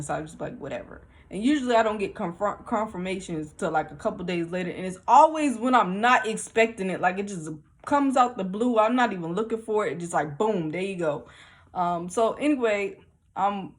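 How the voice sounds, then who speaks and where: Excitable woman telling a story. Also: medium pitch. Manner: animated, excitable, laughs often, repeats herself. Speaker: vlogger sharing spiritual experiences. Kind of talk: casual storytelling.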